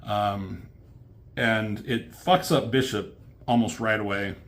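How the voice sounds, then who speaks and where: A man's voice: lowish voice, takes it slowly, fairly bright tone. A man casually reviewing a comic book, rambling loosely with fillers and the odd curse word.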